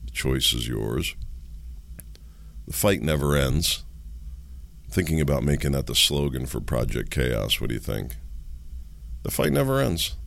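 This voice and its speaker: A man's voice: a bass voice, creaky, no echo. A man hosting a political commentary podcast, talking alone with sarcastic, rhetorical questions to his listeners. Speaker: podcast host.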